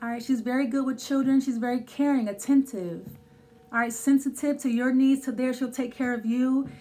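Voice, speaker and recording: Casting note: woman tarot reader, high voice, rambling and conversational. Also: steady tone, normal speed, dark tone. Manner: thinking aloud, many restarts and fillers. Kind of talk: casual tarot reading.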